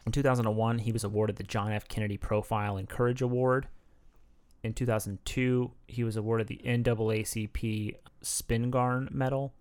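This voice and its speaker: A man's voice: mid-range voice, normal speed, smooth. A man co-hosting a podcast, chatting casually and reading out facts with laughing asides. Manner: relaxed, chatty, reads facts aloud with asides. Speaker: podcast co-host. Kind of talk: casual chat.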